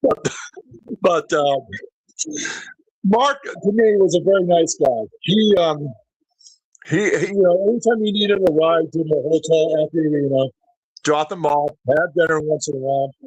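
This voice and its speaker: A middle-aged man with a fairly high, husky voice, guesting on a podcast. He rambles through backstage anecdotes, chuckling as he goes. The sound is close and dry. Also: measured pace, pauses often, darkish tone, no room sound, low-quality recording. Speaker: professional wrestler, guest. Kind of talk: casual storytelling interview.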